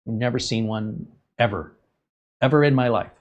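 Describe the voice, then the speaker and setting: A man hosting a tech show, telling a rambling casual story from the US West Coast, chatty and sometimes loud and incredulous. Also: medium pitch, normal speed, muffled recording. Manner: chatty, gets loud and incredulous when joking. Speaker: tech channel host.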